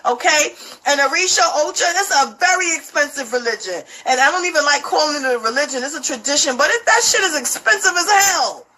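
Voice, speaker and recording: High, bright-voiced woman, blunt and emphatic. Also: a little fast, poor audio. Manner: animated storytelling with laughter. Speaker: spiritual practitioner. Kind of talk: casual monologue.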